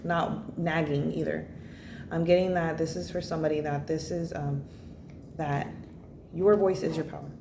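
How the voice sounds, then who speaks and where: This tarot reader is a woman whose creaky voice sits low, holding a steady tone at normal speed. Her reading is casual, blunt and meandering, full of swearing and constant "you know" and "like." Faint noise and echo fill the room she's recorded in.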